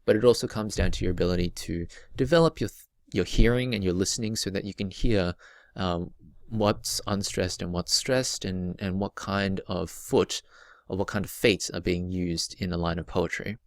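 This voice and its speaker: Man, very low voice, dry close sound, patient teacher, repeats key points. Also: moderate pace, dry recording. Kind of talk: recorded slideshow lesson.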